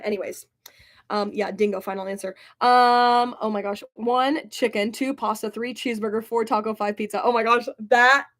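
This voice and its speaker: A young woman vlogger talks casually through her viewers' comments. She is bubbly and giggly and often exclaims in surprise. Her voice sits high and light. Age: young adult. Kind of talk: casual chat.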